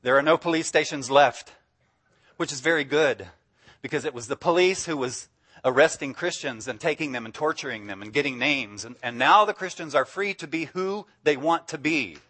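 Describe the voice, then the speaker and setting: A man's voice: fairly high pitch, animated, moderate pace, pushed and bright. Enthusiastic man preaching a sermon. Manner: enthusiastic, emphatic, laughs often. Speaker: guest preacher.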